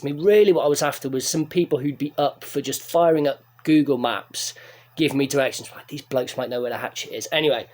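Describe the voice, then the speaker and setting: A man, telling a sweary, excitable rant to camera as a vlogger. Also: on the high side, quick pace. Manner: sweary, excitable, animated storytelling. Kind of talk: ranting story to camera.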